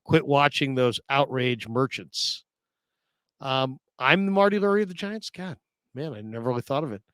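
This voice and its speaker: A man's voice: medium pitch, normal speed, a bit bright, smooth, dry recording. A man hosting a casual sports talk show, reading viewer comments aloud and laughing often.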